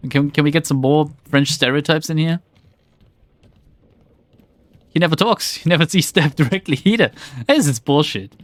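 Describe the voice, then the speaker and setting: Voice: mid-range voice, brisk, dry recording. A streamer giving casual let's play commentary in an exasperated, sarcastic tone, often swearing.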